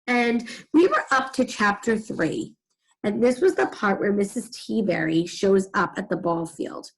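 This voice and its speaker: Breathy teacher reading aloud to children. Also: female voice, mid-range voice, measured pace, rough recording. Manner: expressive, animated storytelling.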